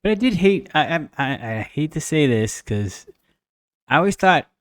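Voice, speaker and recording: A man's voice: fairly high pitch, moderate pace, no echo. Dry-sounding man telling stories. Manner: animated storyteller, mimics others in raised voice. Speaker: podcast co-host. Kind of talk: casual chat.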